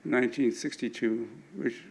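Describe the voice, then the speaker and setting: A man's voice: medium pitch, steady tone, normal speed, gravelly, a little mellow, poor audio. An older man giving an anecdotal lecture with slides at an alumni event, often stumbling and restarting his words.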